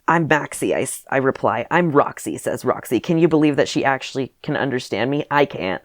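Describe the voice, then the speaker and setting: A woman's voice: very deep voice, expressive, brisk, few pauses, dry recording, studio quality. A woman reading her childhood story aloud and mocking it with wry asides and laughter. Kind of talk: comedic reading of old diary with commentary.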